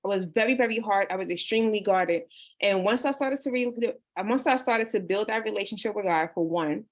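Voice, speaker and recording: A thirtysomething life coach reads out viewer comments during a livestreamed book discussion, speaking casually, earnestly, and personally. She talks fairly quickly in a mid-range voice, with many restarts and plenty of "you know."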